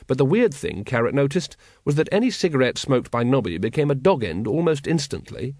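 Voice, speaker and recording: A man narrating an audiobook in a wry, measured way. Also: mid-range voice, no room sound, clean studio sound. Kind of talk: scripted narration.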